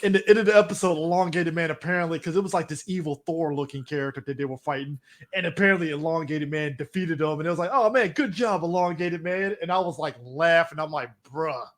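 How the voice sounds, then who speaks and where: A man's voice: on the high side, steady tone, fast. A man co-hosting a casual comic-book podcast, rambling through stories and acting out what people said. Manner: rambling storytelling, acting out quoted voices. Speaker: podcast co-host. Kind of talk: casual chat.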